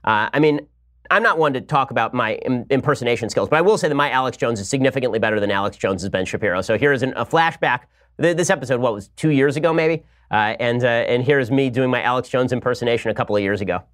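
Brief: male host, sarcastic political commentary, very fast talker, mid pitch. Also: a bit bright. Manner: rapid-fire, sarcastic. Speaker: podcast host.

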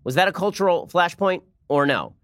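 A man hosting a political commentary show, arguing in a sarcastic, rapid-fire way. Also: high voice, lively intonation, dry recording, clean studio sound.

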